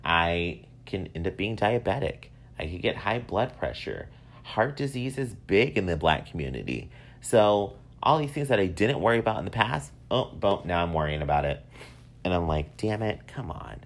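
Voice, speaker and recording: A man in his thirties hosting a casual solo podcast, telling stories in an animated, self-mocking way. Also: low voice, moderate pace. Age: 30s. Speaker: podcast host.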